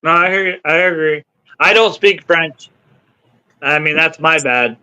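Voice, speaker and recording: A man's voice: fairly high pitch, a little slow, sharp tone, clear, resonant tone, low-quality recording. A man joking easygoing as a guest in a casual live-stream chat. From Canada.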